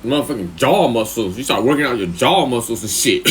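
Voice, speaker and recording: A man rambling through a story on a live stream, thick with slang and swearing. He keeps checking in with the listener and his pitch shoots way up whenever he acts out his own thoughts. His voice sits mid-range, with a faint hum of noise behind it. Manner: profane, slang-heavy, rambling with filler questions; jumps much higher in pitch when quoting himself.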